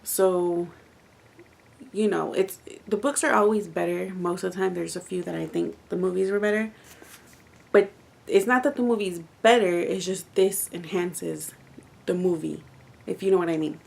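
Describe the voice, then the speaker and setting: A woman's voice: fairly low pitch, fairly even intonation, moderate pace, vocal fry, darkish tone. A young woman reviewing a book in casual, rambling chat, full of fillers and restarts. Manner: rambling, chatty, lots of fillers.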